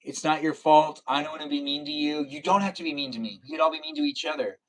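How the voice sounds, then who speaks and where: A man's voice: fairly high pitch, quick pace. A young man live-streaming a racing game, chatting casually and playfully with viewers and slipping into silly sing-song noises.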